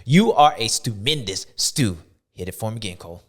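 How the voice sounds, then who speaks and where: A man's voice: lowish voice, expressive, a little fast, very noisy. A man hosting a show, giving playful, slangy, rambling sports commentary. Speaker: show host.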